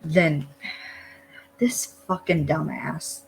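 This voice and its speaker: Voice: medium pitch, drawn-out words, creaky, a little hiss or hum, poor audio. A podcast co-host in casual chat, retelling things loosely with many "like" fillers.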